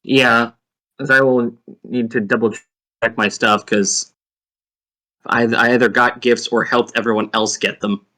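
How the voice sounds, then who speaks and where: Man, tabletop player, halting, hesitant, casual. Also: medium pitch, little pitch movement, pushed and bright. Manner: hesitant, halting, restarts often.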